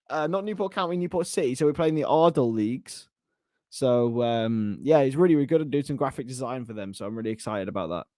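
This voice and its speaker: A young man hosting a casual live stream, chatting and joking as he answers viewer comments in quick bursts. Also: a little high, dry recording, studio quality. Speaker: host of a fan channel.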